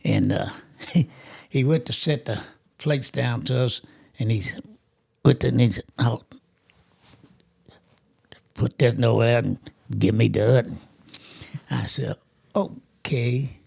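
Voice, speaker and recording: Gravelly old man telling a story. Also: medium pitch, a little slow, pauses often. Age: 80s. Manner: animated, laughs through his story, acts out the quotes. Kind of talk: casual storytelling.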